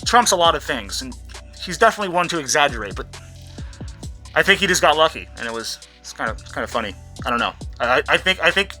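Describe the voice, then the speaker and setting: A man's voice: on the high side, sing-song, fast, pushed and bright, faint music behind. Profane rambling man ranting to camera. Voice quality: muffled by a mask. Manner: profane, rambling, stumbles over words. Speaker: YouTube commentary host. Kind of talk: ranting commentary.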